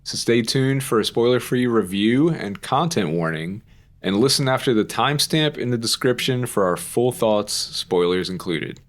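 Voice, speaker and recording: A man's voice: medium pitch, animated, moderate pace. A young man co-hosting a podcast in a casual chat, rambling and chatty with lots of "like" and the odd curse word. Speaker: podcast co-host.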